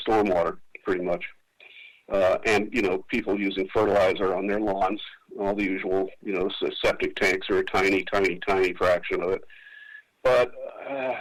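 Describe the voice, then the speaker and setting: Low male interview guest on radio, rambling, lots of fillers. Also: low-quality recording. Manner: rambling, many restarts and fillers. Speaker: political candidate. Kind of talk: casual interview answer. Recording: radio broadcast.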